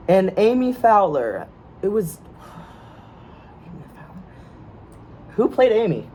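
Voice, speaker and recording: There's a warm, high voice here from a young man in the US who is extremely animated yet talks slowly with frequent pauses. As co-host of a script reading video, he chats casually beforehand, cracking jokes, laughing often and fumbling his words, while faint room noise sits underneath.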